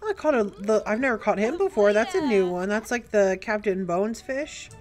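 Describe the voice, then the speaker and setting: A young woman giving let's play commentary, chatty and prone to excited squeals and gasps. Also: medium pitch, normal speed. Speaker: gaming YouTuber. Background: faint game music.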